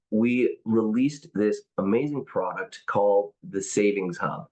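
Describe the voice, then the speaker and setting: A middle-aged man, a company CEO, giving an enthusiastic sales pitch on an overview call, often restarting his sentences. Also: highs cut off. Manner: enthusiastic, promotional, frequent restarts.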